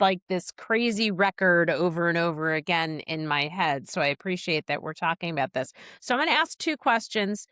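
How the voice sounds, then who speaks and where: A woman's voice: medium pitch, a bit bright, dry recording, studio quality. A middle-aged woman hosting a podcast, candid and self-deprecating, asking her guest open questions. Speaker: podcast host and life coach. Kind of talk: podcast interview conversation.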